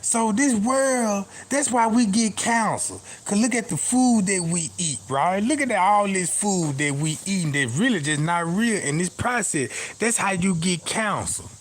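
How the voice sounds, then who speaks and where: Animated high-voiced man telling comic stories. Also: a little slow, hardly any pauses. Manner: animated, profane, repeats "you know what I'm talking about". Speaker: comedian. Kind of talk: stand-up storytelling.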